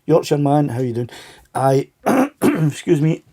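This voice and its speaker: Scottish guy on a livestream, bunged up with a cold, dark mellow voice, chatty and laughing, reads out viewer names. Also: a little high, sing-song, takes it slowly. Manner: chatty, greets viewers by name, laughs often. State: stuffed up with a cold. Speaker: livestream host. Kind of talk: casual live chat.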